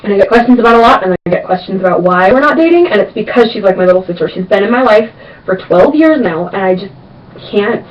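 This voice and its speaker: A woman's voice: medium pitch, expressive, quick pace. A young woman answering viewer questions in a casual vlog, chatty and emphatic, repeating words for stress. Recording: distant, dull lo-fi webcam sound.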